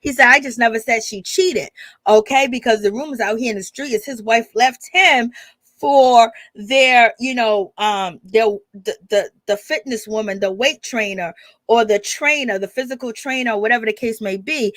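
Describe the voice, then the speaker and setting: Woman, gossip stream host, casual commentary, slightly high voice, dry close sound, chatty, greets viewers. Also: moderate pace, a bit bright, no echo. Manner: chatty, greets viewers by name, calls them baby.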